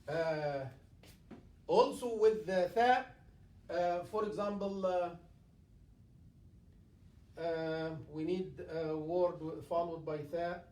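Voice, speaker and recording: In a mosque classroom, a high-voiced male imam gives a tajweed lesson on Quran recitation, his voice a little mellow. His delivery is halting and full of fillers as he repeats points and recites examples, captured by a distant mic in an echoey room.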